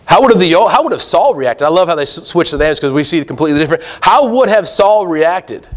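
A man delivers a sermon in a slightly high voice. He reads scripture aloud and talks to his listeners as guys. He drives each point home with rising, emphatic questions. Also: lively intonation, a little fast. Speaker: preacher.

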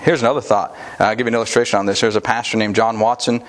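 A man's voice: on the low side, little pitch movement, very fast. A man preaching a sermon in a conversational way, with asides and restarts. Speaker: pastor.

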